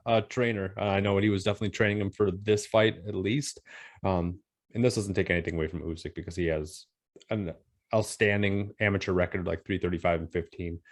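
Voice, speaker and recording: A man co-hosting a casual boxing podcast, talking in a halting way with frequent pauses and restarts. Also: low-pitched. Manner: hesitant, many ums and restarts. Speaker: podcast co-host.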